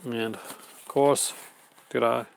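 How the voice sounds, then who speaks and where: A man's voice: medium pitch, steady tone, takes it slowly, gravelly, clear, resonant tone. A man hosting a casual live stream, rambling enthusiastically about his horror film collection, with many fillers and restarts. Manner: answers viewer chat comments.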